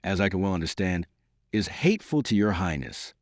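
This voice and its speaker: A male reader voicing a courteous, shrewd young baron who speaks in a measured, formal way. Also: low-pitched, very animated, no room sound, clean studio sound, full character voice. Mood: courtly.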